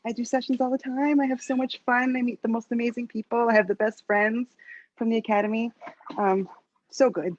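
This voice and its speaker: A woman mentor giving a brisk, bubbly testimonial over a video call, laughing as she talks. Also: fairly high pitch, dull audio, noisy background. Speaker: student and mentor.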